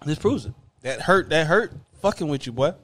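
A young man chiming in on a podcast with crude, loud jokes in casual chat. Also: on the high side, lively intonation, normal speed.

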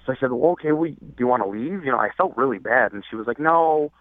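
A man's voice: medium pitch, expressive, fast talker, dry recording. A man calling in by phone, telling his story in a hesitant way with lots of fillers. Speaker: caller. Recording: tinny phone line.

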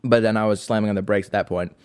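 A man's voice: fairly low pitch, fairly even intonation, racing, darkish tone, clear, resonant tone. Laughing young man telling a story. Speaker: podcast co-host. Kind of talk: casual chat.

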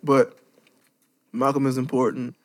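A young man co-hosting a podcast, relaxed and offhand in casual chat. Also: mid-range voice, a little slow, no echo, clean studio sound. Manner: relaxed, plugs the show offhandedly. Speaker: podcast co-host.

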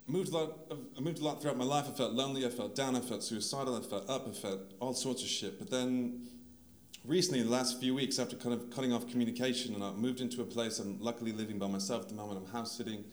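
A man speaking at an open mic, sweary and animated, swinging between quiet and shouting. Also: mid-range voice, fast, reverberant. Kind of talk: impassioned open mic talk. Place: event venue with crowd. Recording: crowd noise in a live venue.

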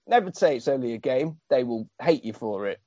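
A man's voice: medium pitch, animated, fairly quick, dark tone, no echo, lo-fi sound. A man doing a comic, sweary, sarcastic recap of a film as a podcast host.

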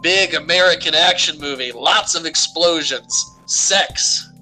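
A man's voice: fairly high pitch, unhurried, pushed and bright, soft background music, poor audio. A man doing an impression of a blustering film director in a put-on Russian accent, speaking clipped broken English. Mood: boastful. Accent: Russian-style put-on accent.

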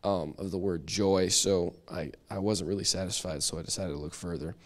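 A man's voice: low voice, steady tone, normal speed. A man teaching a Bible study lesson in a chatty, self-deprecating way, often restarting his sentences. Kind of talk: casual church teaching.

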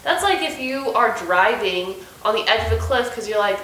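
A woman co-hosting a casual podcast chat, reacting playfully with quick quips. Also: a little high, lively intonation, fairly bright tone, roomy sound, a little hiss or hum, low-quality recording. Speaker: podcast co-host.

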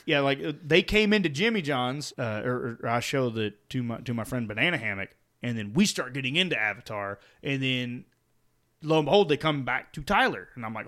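A man's voice: medium pitch, fairly bright tone. A young man, telling rambling, profane stories as a podcast host. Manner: rambling storyteller, profane, laughs at own stories. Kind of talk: casual chat.

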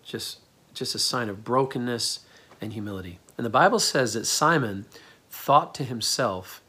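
A man preaching a sermon, telling a scripture story in a lively storytelling way and acting out the people in it. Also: mid-range voice, moderate pace, slightly rough. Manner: animated storytelling, acts out quoted voices. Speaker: pastor.

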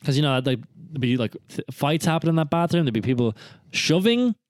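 A man's voice: on the high side, big pitch swings, fairly quick, no room sound. A young man co-hosting a podcast, telling rambling stories with frequent restarts. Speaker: podcast co-host. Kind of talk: casual chat.

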